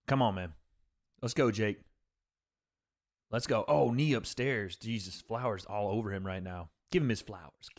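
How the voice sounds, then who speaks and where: A man's voice: on the low side, normal speed, pauses often. A man hosting a casual livestream, reacting to fights and joking with chat in a rambling way. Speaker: livestream host reading chat. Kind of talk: casual live commentary on fights.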